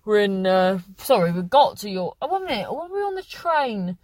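A woman's voice: mid-range voice, sing-song, normal speed, a little mellow, no echo. A young woman hosting a podcast, chatting casually and reading out listener messages, rambling and correcting herself. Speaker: podcast host.

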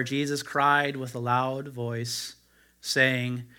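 Male preacher, bright ringing tone, reads scripture aloud as a sermon and lifts his voice for the quoted lines. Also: mid-range voice, steady tone, measured pace. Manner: reads the King James text aloud, rising for quoted cries.

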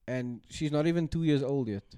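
An animated South African man co-hosting a casual podcast chat, who keeps asking whether his point lands. His voice sits at an everyday middle pitch. The sound is dry and close, with no room around it. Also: brisk, clean tone, dry recording. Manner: animated, keeps checking he is understood. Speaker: podcast co-host.

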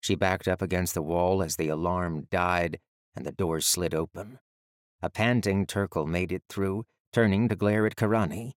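A male audiobook narrator with a low voice reads at a moderate pace with fairly even intonation. The recording is dry and studio quality.

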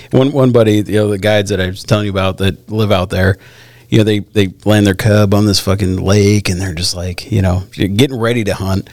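A man's voice: lowish voice, steady tone, normal speed, darkish tone, no room sound. Rambling laughing man swapping hunt stories. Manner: rambling, laughs often, many fillers. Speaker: hunter telling stories. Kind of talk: casual storytelling chat.

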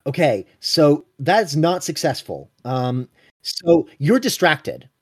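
A man running a tabletop role-playing game, narrating scenes and calling rolls in a brisk, matter-of-fact way. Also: fairly high pitch, lively intonation, breathy edge. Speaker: game master.

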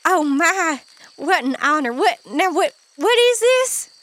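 A woman's voice: extremely high pitch, very animated, slow pace, a bit bright, exaggerated voice. A woman voicing a sweet, innocent little goblin in a tabletop game, gushing and breathlessly adoring. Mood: awed. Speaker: player.

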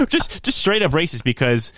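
A man's voice: on the high side, fairly bright tone, dry recording, studio quality. A young man in casual podcast chat, rambling and laughing often, with jokey put-on voices.

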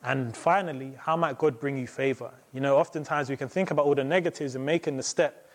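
A man's voice: mid-range voice, quick pace. A young man preaching a sermon as a visiting speaker, talking in a loose, conversational way with many fillers.

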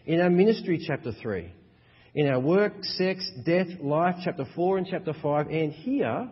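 A man's voice: on the high side, sing-song, normal speed, breathy edge. A man preaching a sermon as a pastor, with emphatic, rhythmic repetition. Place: church hall. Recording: dull echoey church hall.

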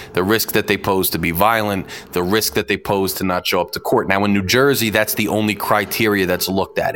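Guy on his podcast going off about politics, lowish voice, keeps repeating himself, frustrated, soft music in the back. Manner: emphatic, repetitive, frustrated ranting; mocks opponents in put-on whiny voices. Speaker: podcast host. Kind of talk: opinionated solo political commentary. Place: lives near New York City.

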